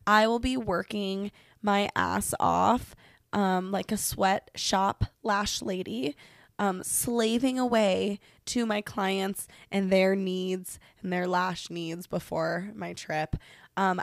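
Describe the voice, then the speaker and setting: Mid-range and creaky, this young woman's voice comes across in clean studio sound with no room tone. Sick and congested, the podcast host rants by herself in her bedroom, swearing, wandering off-topic, and mocking herself.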